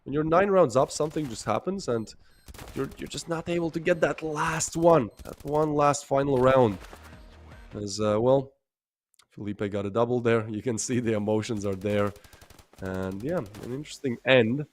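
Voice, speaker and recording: A male esports commentator with a mid-range voice, speaking on a headset mic. He recaps the play in a loose, conversational manner and pauses now and then on small hesitations. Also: medium pitch, slight background noise. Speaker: esports caster. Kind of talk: live match commentary.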